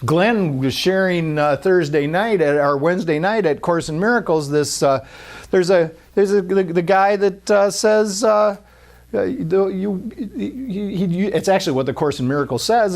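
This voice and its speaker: An earnest man giving a spiritual sermon, his voice sitting high for a man. He talks freely and repeats himself, stumbling through restarts as he works his way toward a point, and he acts out inner thoughts in quoted asides. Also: unhurried. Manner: earnest, repetitive, with many restarts and acted-out quotes.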